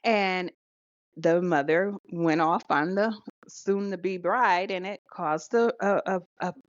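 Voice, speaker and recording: A woman co-hosting a podcast, telling a story in an animated, casual way. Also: lowish voice, takes it slowly, no room sound. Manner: animated storytelling with laughs and fillers. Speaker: podcast co-host. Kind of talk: casual chat. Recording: dull lo-fi sound.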